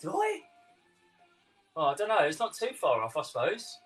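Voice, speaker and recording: A man's voice: sits high, wildly swooping pitch, normal speed, a bit bright, faint music behind, low-quality recording. A young man with a London-tinged English accent, a chef chatting and laughing with viewers during a live cooking stream. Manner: chatty, laughs often, answers viewer comments.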